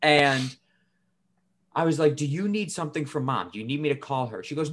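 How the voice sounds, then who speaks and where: A man's voice: fairly high pitch, fairly quick. Young man telling a story casually. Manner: animated storyteller, swears casually, laughs while telling. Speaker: podcast co-host.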